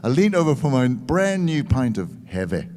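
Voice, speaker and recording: A man's voice: medium pitch, very animated, moderate pace, a little mellow. A man with an English accent telling a self-mocking story as a guest on an expo stage panel. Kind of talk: animated anecdote on a panel.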